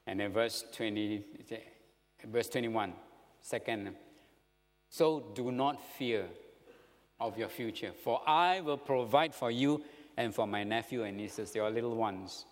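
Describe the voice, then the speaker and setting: A man with a Singaporean English accent preaching a sermon, animated and asking his listeners questions. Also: fairly low pitch, a little slow. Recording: long reverb of a hall.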